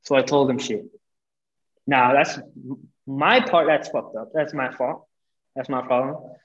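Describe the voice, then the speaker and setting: A man's voice: medium pitch, measured pace. A young man on a podcast telling a personal story casually, swearing and acting out what people said. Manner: animated, swearing, acts out quotes. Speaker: podcast guest. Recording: dull lo-fi audio.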